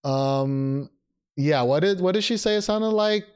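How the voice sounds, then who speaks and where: A young man co-hosting a casual chat, animated and rambling, laughing often and restarting his sentences. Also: a little high, measured pace, clear, resonant tone. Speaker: podcast co-host.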